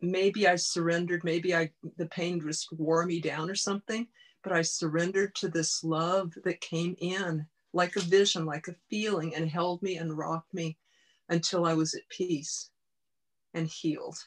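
A woman's voice: fairly low pitch, steady tone, a little slow. A woman coach and podcast guest, telling a personal story in an earnest, heartfelt way. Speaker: guest, body-mind coach.

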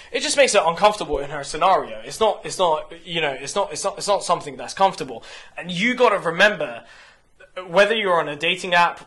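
Podcast guest, young man, bright high voice, swears freely, lots of restarts. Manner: frank, profane, animated storytelling with repeated restarts. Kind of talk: candid casual chat.

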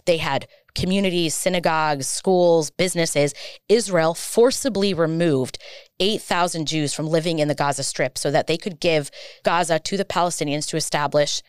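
A woman's voice: low-pitched, normal speed, clean tone, no echo. Impassioned woman in a dry room. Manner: impassioned, rising to pleading. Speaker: guest, Jewish student organization director. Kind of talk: emotional interview answers.

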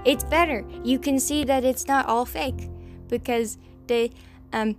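A woman's voice: high-pitched, fairly even intonation, unhurried, soft background music. A young woman hosting a podcast, rambling through the news in a casual, swearing, filler-heavy way. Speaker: podcast host.

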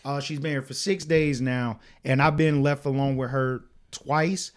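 A young man co-hosting a podcast, telling a story in a lively way, acting out quotes and swearing a lot. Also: mid-range voice, unhurried. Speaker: podcast co-host. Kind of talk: casual chat.

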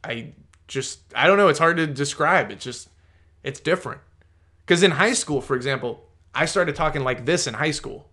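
Guy cohosting a podcast, kinda high voice, rambles and swears casually, keeps backtracking. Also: moderate pace, pushed and bright. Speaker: podcast co-host. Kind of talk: casual chat.

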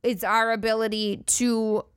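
Woman podcast host, higher voice, dry close sound, rambling, swearing, laughing as she riffs. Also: level tone, unhurried, clean tone, no room sound. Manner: rambling, profane, giggly riffing. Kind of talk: casual comedic monologue.

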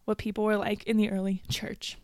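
A woman's voice: medium pitch, level tone, fairly quick, a little mellow, no echo, studio quality. A young woman co-hosting a podcast, telling a story in casual chat, acting out quotes and laughing often. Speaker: podcast co-host.

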